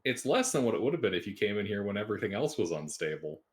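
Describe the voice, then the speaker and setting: A man's voice: on the low side, big pitch swings, quick pace. A man running a tabletop game as game master, in an easygoing way.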